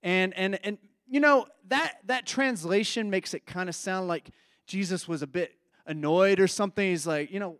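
A man's voice: sits high, moderate pace, a bit bright, no room sound, clean studio sound. A man preaching a sermon in a conversational, reflective way, often asking his listeners questions.

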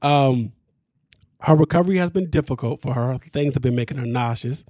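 A man hosting a podcast, recapping a reality show in casual, slangy talk, animated and laughing often. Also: medium pitch, brisk, no room sound, clean studio sound.

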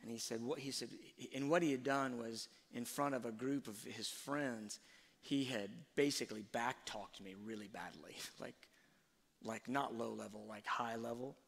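A middle-aged man telling a personal story in a soft-spoken, earnest way that often trails off quietly. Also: medium pitch, moderate pace, creaky. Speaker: speaker sharing a parenting story. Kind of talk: reflective personal storytelling talk. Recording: long hall reverb.

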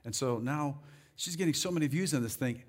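A male pastor preaching a sermon, rallying the congregation and reading scripture slowly and deliberately. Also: fairly high pitch. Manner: animated, rallies the crowd with "come on".

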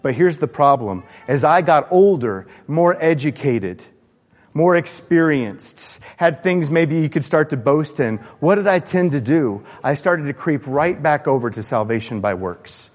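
Male preacher, sermon, slightly high voice, animated, long church reverb. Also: measured pace. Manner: animated, acts out voices of people he quotes. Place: church sanctuary.

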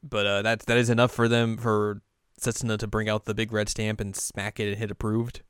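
A young man co-hosting a casual chat, retelling scenes with lively put-on character lines. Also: fairly low pitch, brisk, clear, resonant tone, no echo, clean studio sound. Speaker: podcast co-host recapping an anime.

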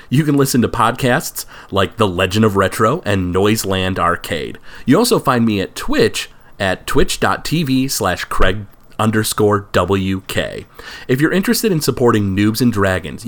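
A man's voice: lowish voice, a bit bright. A man running a tabletop game as game master, narrating in a rambling way with many fillers.

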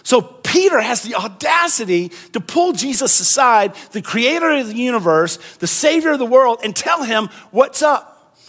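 A man preaching a conversational sermon, acting out quotes with animated delivery. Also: extremely high pitch, normal speed. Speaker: pastor.

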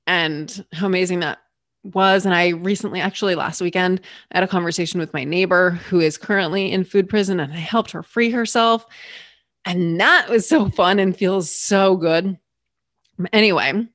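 A woman hosting a solo podcast, telling a personal story with expressive swings and playful whispered asides. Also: mid-range voice, no room sound, studio quality. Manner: expressive, acts out quoted voices, drops to a whisper for asides. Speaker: podcast host.

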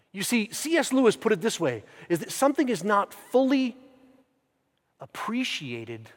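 A man preaching a sermon, swinging from loud, emphatic bursts down to hushed, near-whispered phrases. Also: mid-range voice. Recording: long church reverb.

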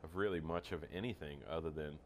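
A man in casual podcast chat, thinking aloud in halting, reflective talk with repeated words. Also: extremely low pitch, fairly even intonation, slight background noise.

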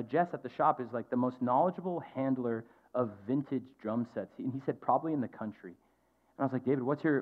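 A pastor in his thirties giving a conversational, earnest sermon to his church. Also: mid-range voice. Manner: conversational, earnest storytelling with filler ums. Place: church stage. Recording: tinny phone-like sound.

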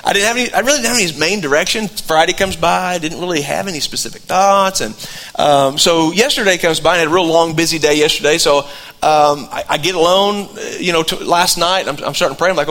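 A man's voice: a little high, fast talker, a bit bright. A middle-aged man preaching a sermon in a conversational storytelling way, often restarting his sentences. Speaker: pastor.

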